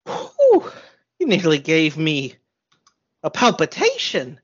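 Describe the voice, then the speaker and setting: Prim old ghost baker lady as a game master voices her, lively lilting pitch, slow, lo-fi audio. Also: husky, full character voice. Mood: genteel. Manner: prim, old-fashioned politeness. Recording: slightly dull lo-fi audio.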